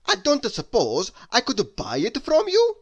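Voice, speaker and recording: A woman voicing an eager, naive male seal who talks loudly and excitedly in a storybook reading. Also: on the high side, a little slow, husky, voice pushed up, exaggerated voice. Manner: loud, excited, pleading.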